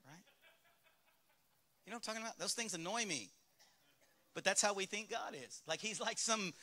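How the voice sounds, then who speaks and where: Male pastor, Southern US accent, bright high voice, candid sermon in a church. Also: fast talker. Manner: candid, conversational preaching with rhetorical questions to the congregation. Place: church sanctuary.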